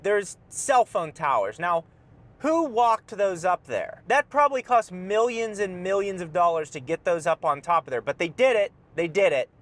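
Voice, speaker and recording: A man's voice: sits high, lively intonation, normal speed, fairly bright tone. A young man rambling and joking through a casual driving vlog from inside his car. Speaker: vlogger.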